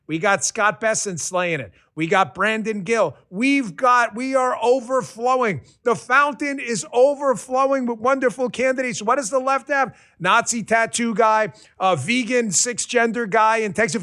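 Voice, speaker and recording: A man from Queens hosting a political talk show, loud, passionate and profane, mocking his opponents with sarcasm. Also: very high voice. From Queens, New York. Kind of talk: heated political commentary.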